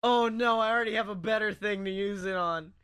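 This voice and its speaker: Guy from alabama cohosting a podcast, high bright voice, swears a lot, cracks himself up. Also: a little fast, smooth. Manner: crude, profane and laughs often. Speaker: podcast co-host. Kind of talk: casual comedy podcast banter.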